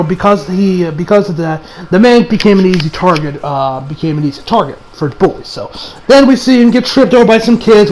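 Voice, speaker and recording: A man's voice: high voice, slight background noise, poor audio. A young man giving a casual, rambling anime review, full of slang and frequent laughter.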